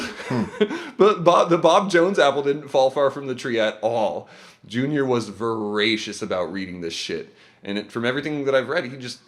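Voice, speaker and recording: Low-voiced man telling a story on a podcast. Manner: profane, laughing storyteller. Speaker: podcast host presenting research. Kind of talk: casual podcast chat.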